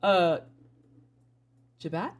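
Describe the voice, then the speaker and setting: Streamer, Midwestern American accent, average pitch; loose, frank live commentary full of tangents and casual cursing. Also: extremely slow. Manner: rambling, frank, swears casually. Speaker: streamer playing game demos.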